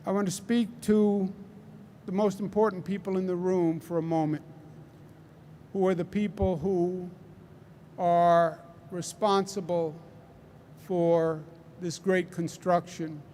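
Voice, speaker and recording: A man with a Queens, New York accent giving a press briefing as a state governor, deliberate and emphatic, repeating his key points and tagging them with rhetorical questions. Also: high-pitched, level tone, mellow, slight background noise.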